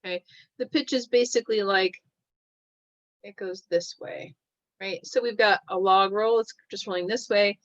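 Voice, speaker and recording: A woman's voice: medium pitch, normal speed, no echo. A woman teaching a class, explaining step by step as she draws and often checking in with "right?". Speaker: lecturer. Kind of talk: classroom lecture. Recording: dull, dry lo-fi classroom recording.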